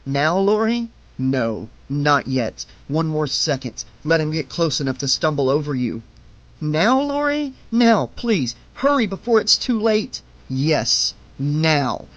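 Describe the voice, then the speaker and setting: A man's voice: unhurried, few pauses, fairly bright tone, no room sound, dull audio, natural voice. A man voicing a desperate teenage girl. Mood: urgent. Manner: high, pleading then coaxing. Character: terrified teenage girl turning fierce. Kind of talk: audiobook reading.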